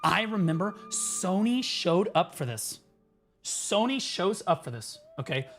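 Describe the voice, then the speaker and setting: A young man telling a story on stream in a profane, excitable way, now and then bursting into shouts. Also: high-pitched, a little slow, soft background music. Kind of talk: animated storytelling rant.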